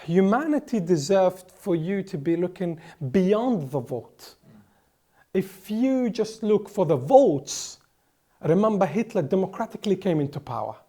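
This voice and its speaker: Emphatic man from the Middle East, dark voice. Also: sits high, animated, measured pace. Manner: emphatic, with frequent restarts and repetitions. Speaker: interview guest. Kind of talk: impassioned political commentary.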